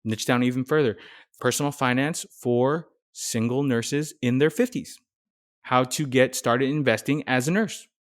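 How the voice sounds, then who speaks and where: Energetic man coaching new creators. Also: medium pitch, a little slow. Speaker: nurse content creator. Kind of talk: casual how-to talk.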